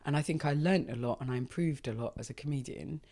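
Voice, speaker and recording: Low-voiced woman comedian chatting animatedly. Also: quick pace. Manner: animated, long-winded, swears freely. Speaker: stand-up comedian, guest. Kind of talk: casual conversation.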